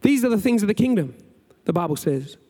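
A man preaching a conversational, energetic sermon as pastor. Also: high voice, fairly quick, breathy edge. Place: church sanctuary. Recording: large hall with long reverb, faint music.

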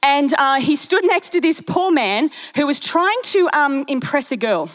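Brief: young woman, high bright voice, conversational preacher who tells stories and drops asides. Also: a little slow. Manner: chatty, storytelling, animated asides. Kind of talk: sermon.

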